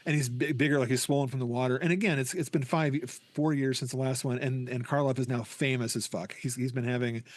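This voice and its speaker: A man's voice: medium pitch, fairly even intonation, fast talker, hardly any pauses, dry recording. A man hosting a podcast, chatting casually and enthusiastically, often stumbling and restarting. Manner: enthusiastic, rambling with many restarts. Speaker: podcast host. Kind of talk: casual chat.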